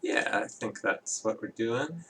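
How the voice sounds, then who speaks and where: A man casually chatting on a home livestream, relaxed and rambling, picked up by a camera mic at home. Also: on the low side, unhurried. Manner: relaxed, rambling, chuckling asides. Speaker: stream caster. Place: home room. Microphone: computer camera mic. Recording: noisy room ambience.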